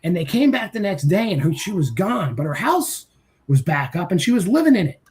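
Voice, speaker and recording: A man's voice: high-pitched, sing-song, brisk, a little mellow. Profane exasperated man reviewing films. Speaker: podcast co-host. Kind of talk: casual movie review chat.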